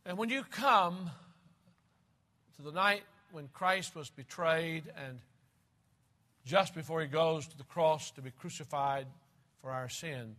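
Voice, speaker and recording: A man's voice: a little high, slow, long pauses, bright, forceful tone. An older man preaching a sermon, opening with an earnest prayer and then teaching from scripture with emphatic delivery.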